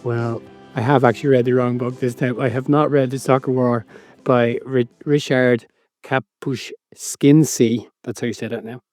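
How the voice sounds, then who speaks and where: Mellow-voiced sheepish male co-host. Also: medium pitch, steady tone, normal speed, soft background music. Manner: sheepish, self-deprecating. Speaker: podcast co-host. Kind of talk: casual podcast banter.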